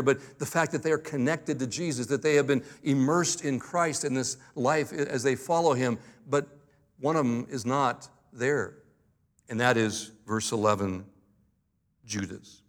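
A pastor delivering a sermon. He speaks earnestly and emphatically, slowing down to stress key words, and adds light humorous asides. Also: medium pitch.

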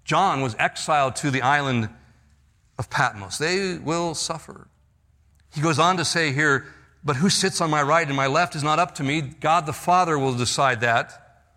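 A man's voice: fairly high pitch, moderate pace, pushed and bright. A man preaching a sermon, explaining scripture verse by verse and acting out the lines he quotes. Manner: expository preaching, reads scripture with emphasis; acts out quoted lines, laughs lightly. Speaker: pastor.

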